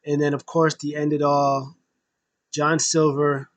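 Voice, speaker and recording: Man, fairly high voice, casual wrestling recap, rambling and emotional, dry close sound. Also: level tone, measured pace, dry recording. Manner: rambling, filler-heavy, emotional fan talk. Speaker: wrestling show reviewer.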